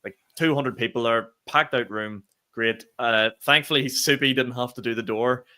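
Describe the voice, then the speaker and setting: A young Northern Irish man and comedian co-hosting a podcast, telling stories in casual chat with quick swearing asides. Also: mid-range voice, bright, forceful tone. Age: young adult. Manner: quick storytelling with swearing and fillers.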